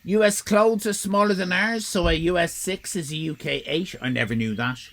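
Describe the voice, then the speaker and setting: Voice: mid-range voice, normal speed, a bit bright, a little hiss or hum. An Irish live-stream host chatting casually with viewers, rambling and swearing in mock outrage. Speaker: livestream host.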